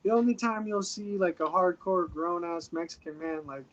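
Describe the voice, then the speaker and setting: A man's voice: sits high, normal speed. Laid-back dude chatting on his stream, swears a lot, dull audio. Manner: laid-back, profane, laughs often. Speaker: livestream host. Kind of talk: casual chat. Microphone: streaming mic.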